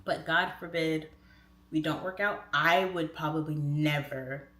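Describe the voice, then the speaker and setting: A woman in her thirties chats into her stream like she's talking to old friends, rambling through comic stories and breaking into laughter along the way. Her voice sits on the low side, and the echoey room around her is easy to hear. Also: steady tone, measured pace, fairly bright tone. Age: 30s. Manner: chatty, laughing, rambling asides. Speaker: livestream host. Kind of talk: casual chat, comic storytelling.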